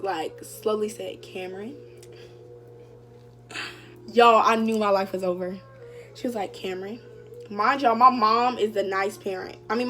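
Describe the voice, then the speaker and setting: A young woman vlogger casually telling a story to her viewers, chatty and full of fillers. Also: medium pitch. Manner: chatty, addresses viewers directly, many fillers.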